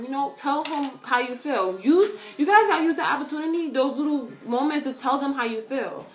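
A woman chatting to camera in an animated way, answering viewer questions and calling her viewers girl. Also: high-pitched, fairly quick, few pauses, reverberant. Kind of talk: casual chat to camera.

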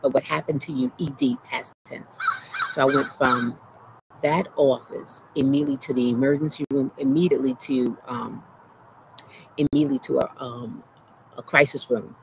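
An earnest woman therapist shares her own story with her audience while sitting in her garden. Her voice has a gravelly edge, and she sounds anxious and out of breath as she pauses to steady herself. Crickets chirp loudly throughout the outdoor recording. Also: a bass voice, noisy background. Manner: earnest, emotional, often checks in with "right?", slows to breathe. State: anxious, heart racing while retelling. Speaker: therapist and show host. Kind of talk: personal trauma story mixed with teaching. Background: crickets and insects.

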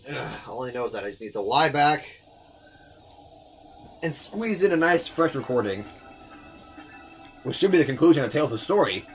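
A young man giving casual gameplay commentary, fast-talking, swearing, often stumbling over words. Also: medium pitch, expressive, soft background music. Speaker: let's player.

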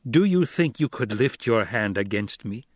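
A man voicing a young noble heir who speaks slowly, coldly and with command, in a dry audiobook recording. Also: fairly low pitch, lively intonation, no echo. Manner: slow, cold, commanding delivery.

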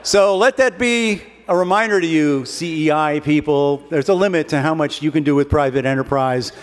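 A man with a somewhat high voice delivers a comic keynote story in a wry, dry manner. He speaks from a stage in a large hall before an audience. The long reverb of the hall trails his words, with faint noise underneath. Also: moderate pace.

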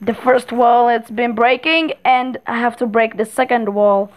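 A woman giving excitable commentary while playing a horror game, repeating words in rapid bursts. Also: fairly high pitch, slight background noise, low-quality recording. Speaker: gameplay streamer.

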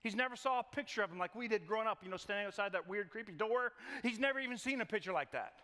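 Folksy preacher in a reverberant hall. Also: male voice, high voice, animated, rapid-fire, pushed and bright. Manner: folksy, joking asides, repeats words. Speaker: pastor. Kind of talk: conversational sermon. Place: church sanctuary. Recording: long church reverb.

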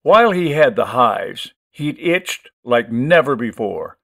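Male narrator, measured expressive audiobook read, mid-pitched. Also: creaky. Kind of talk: audiobook story reading.

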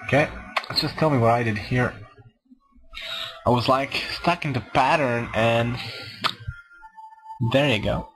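A man's voice: medium pitch, measured pace, pauses often, a bit bright, soft background music, rough recording. A man casually commenting on his own gameplay, rambling and self-mocking as he talks to himself. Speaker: let's play gamer.

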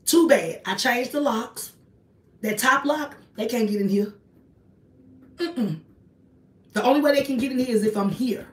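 A woman's voice: fairly high pitch, unhurried, pauses often, far from the mic. A woman, talking to her viewers in a casual livestream from her apartment, emphatic and repetitive as she preaches. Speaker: online ministry host. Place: small home apartment, indoors. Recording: echoey room, voice off-mic.

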